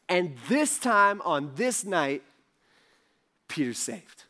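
A man's voice: high-pitched, sing-song, slow pace, long pauses, bright, forceful tone. A young man giving a casual sermon, telling stories in a chatty way, acting out people's words with lots of fillers. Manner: chatty, acts out characters in quotes, lots of fillers. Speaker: pastor.

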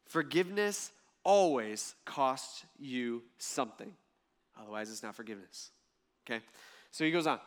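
A man with a high voice delivers a sermon in a conversational, animated style. He swings from loud, punchy lines to low, quiet asides, keeping the talk lively. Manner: animated, conversational preaching with dramatic swings in loudness. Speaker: pastor.

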